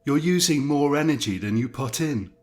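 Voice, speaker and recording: A man's voice: mid-range voice, animated, moderate pace, darkish tone, faint music behind, pitched above the performer's own voice, close to an everyday voice. A man voicing a weary male science blogger with a dry, sarcastic manner.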